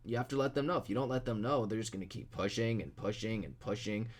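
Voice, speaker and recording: A man's voice: lowish voice, quick pace, hardly any pauses. A young man ranting blunt, profane advice to other artists in a casual vlog.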